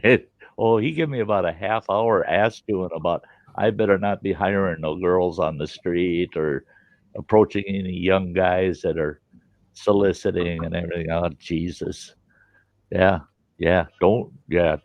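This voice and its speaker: A man's voice: sits low, unhurried, no echo, lo-fi sound. A man hosting a casual chat, rambling through crude stories and laughing at them. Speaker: host.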